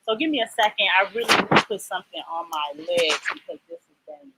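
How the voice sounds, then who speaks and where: A woman's voice: mid-range voice, lively intonation, quick pace, very noisy. A woman from Illinois hosting a casual live stream with clients over a laptop video call, chatty and playful with folksy slang. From Illinois, USA. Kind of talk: casual livestream chat. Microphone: laptop mic on a video call.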